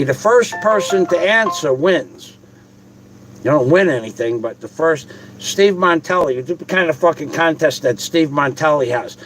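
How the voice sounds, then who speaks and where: A man's voice: fairly high pitch, poor audio. A man hosting his own video, ranting and rambling straight to his viewers with plenty of cursing. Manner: profane, rambling, talks to viewers directly. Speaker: video host.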